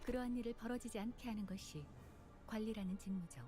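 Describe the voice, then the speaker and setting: A crisp, formal female assistant from a video game, voiced by a woman, who speaks in clipped, matter-of-fact sentences. She delivers everything at a rapid clip, with faint music underneath. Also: a little high, dark tone, close to an everyday voice. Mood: stern. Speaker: game character dialogue.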